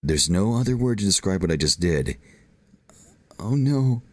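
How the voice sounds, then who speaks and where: A man's voice: deep voice, lively intonation, fairly quick, dry recording, studio quality. A man reading aloud as a shy, anguished teenage girl narrating a visual novel, voicing her with emotional outbursts. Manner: reads emotionally, rising to pleading outbursts.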